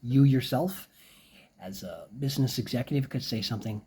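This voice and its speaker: Man, english teacher, mellow tone, slightly husky, slow example phrases. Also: mid-range voice. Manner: explains phrases, then acts them out slowly. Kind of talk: casual spoken lesson.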